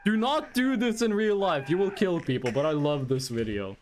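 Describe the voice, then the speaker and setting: Lively high-voiced Norwegian streamer. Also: male voice, normal speed. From Norway. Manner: laughing, swearing, rambling commentary on clips. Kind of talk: casual live-stream chat.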